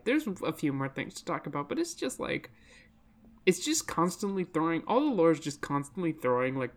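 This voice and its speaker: A woman in her late twenties, co-hosting a casual podcast, sarcastic and full of "like" fillers and swearing. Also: deep voice. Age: 20s. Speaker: podcast co-host.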